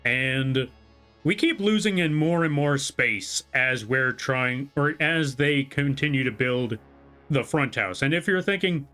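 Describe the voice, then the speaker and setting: A man's voice: mid-range voice, a little slow, bright, forceful tone, soft background music. A male streamer in casual livestream chat, rambling and exasperated, often correcting himself mid-sentence. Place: home room.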